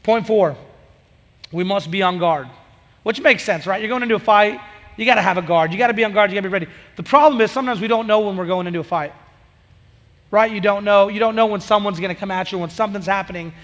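A man preaching a sermon as a youth pastor, energetic and conversational, acting out bits of dialogue. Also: high voice, quick pace, long reverb tail.

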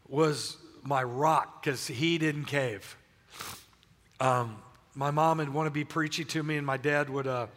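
A long hall reverb surrounds an older pastor as he delivers a sermon, telling his own story openly with many restarts. He speaks at a medium pitch in a somewhat bright voice inside a large church.

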